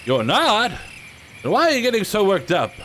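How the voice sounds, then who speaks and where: A man's voice: sits high, huge pitch swings, normal speed, pushed and bright, a little hiss or hum, pitched above the performer's own voice, full character voice. A man reading game dialogue aloud, voicing a brash young lord who teases his friend. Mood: teasing.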